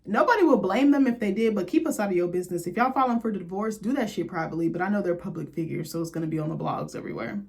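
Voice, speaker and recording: A young woman hosting a casual reality TV recap, sassy and profane, with quick asides to her viewers. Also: fairly low pitch, lively intonation, a little mellow. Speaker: recap host.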